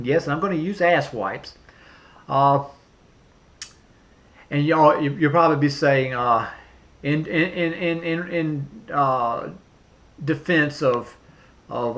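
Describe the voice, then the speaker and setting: A man, pitched a little high for a man, delivers a political rant to camera. He talks emphatically and repeats phrases, stumbling through fillers and restarts. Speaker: vlogger.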